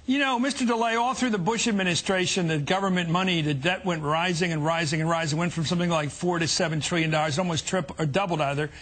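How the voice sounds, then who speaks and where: A man's voice: sits high, fast talker, hardly any pauses, a bit bright, husky. A middle-aged man hosting a combative political talk show, pressing his guest with sarcasm and interruptions.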